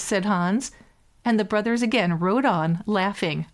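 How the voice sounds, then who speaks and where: A woman's voice: mid-range voice, unhurried. Woman reading a bedtime story.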